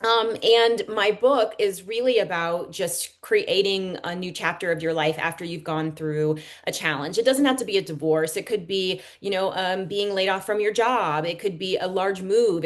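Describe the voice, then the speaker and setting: A woman's voice: fairly low pitch, moderate pace, hardly any pauses. A woman author and speaker, a guest on a podcast, talking earnestly and reflectively with frequent ums. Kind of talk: casual podcast interview.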